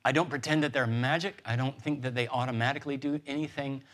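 A man in his thirties preaching a sermon as pastor, earnest and gentle, building emphasis through repetition. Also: medium pitch, steady tone, fast talker.

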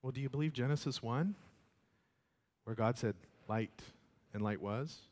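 A man preaching a sermon as pastor, animated and often repeating words. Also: mid-range voice, normal speed.

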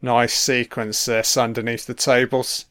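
A man's voice: mid-range voice, level tone, a little slow, a bit bright, clean tone, dry recording, clean studio sound. A man giving a casual, blunt film commentary, swearing constantly and full of opinions.

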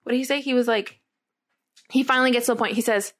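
A young woman telling a story in casual chat, animated and swearing freely, often checking in with her listener. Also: on the high side, quick pace.

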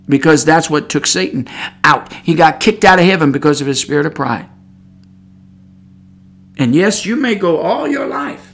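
A man preaching a fiery podcast sermon, firing rhetorical questions at his listeners and swinging between loud outbursts and hushed warnings. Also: sits high, animated, moderate pace.

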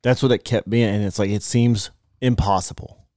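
A man's voice: on the low side, fairly even intonation, normal speed, warm tone, dry recording, clean studio sound. A man co-hosting a casual sports podcast, talking in a laid-back, hedging way that trails off. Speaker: podcast co-host.

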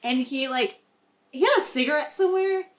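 A young woman co-hosting a podcast, telling a profane, animated story in casual chat. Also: sits high, brisk. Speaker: podcast co-host.

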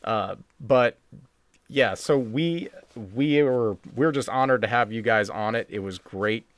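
A man hosts a casual podcast, rambling along with plenty of fillers and restarts. His voice sits at a middle pitch and sounds dry and close to the mic. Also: measured pace, dry recording. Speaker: podcast host.

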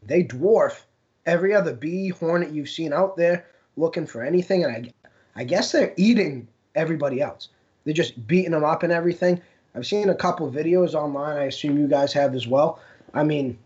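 A man's voice: fairly high pitch, darkish tone. A young man co-hosting a podcast, telling stories in casual chat with a laugh in his voice. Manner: storytelling, laughs while talking. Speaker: podcast co-host. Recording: dull lo-fi podcast audio.

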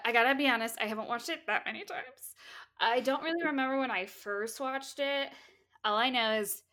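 Bright-voiced woman podcast co-host. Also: fairly high pitch. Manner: giggly, animated when excited. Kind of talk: casual chat.

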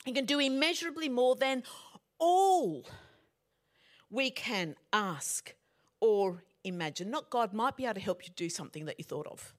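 A woman's voice: a little high, a little fast. A middle-aged woman preaching a sermon in a conversational way, often putting questions to her congregation. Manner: animated, conversational, asks the audience questions.

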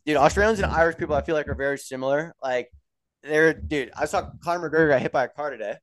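A young man co-hosting a casual motorsport podcast, animated and quick to swear and laugh. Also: fairly high pitch. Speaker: podcast co-host. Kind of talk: casual chat.

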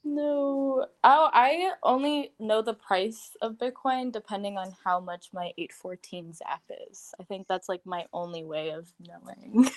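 A woman's voice: mid-range voice, steady tone, measured pace. A woman guest in a casual group audio chat, talking in a gushing, giggly, effusive way.

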